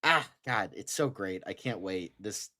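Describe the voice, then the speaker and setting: A man co-hosting a casual online talk show, excitable, with lots of fillers. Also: lowish voice, a little slow. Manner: animated, excitable, many fillers like "like". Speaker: co-host. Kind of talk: casual chat.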